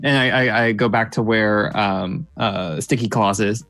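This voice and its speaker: A man playing a tabletop game, talking in a rambling, halting way. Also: lowish voice, fairly bright tone, faint music behind. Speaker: player.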